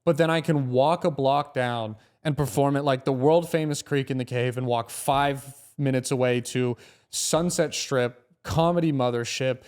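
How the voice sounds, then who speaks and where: A young male comedian tells stories on a podcast in a loose, casual way. He is animated and swears freely, and he slips into the voices of the people in his stories. His voice sits at a middle pitch. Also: moderate pace, clean tone. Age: young adult. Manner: animated, swearing, acts out quotes. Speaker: guest comedian.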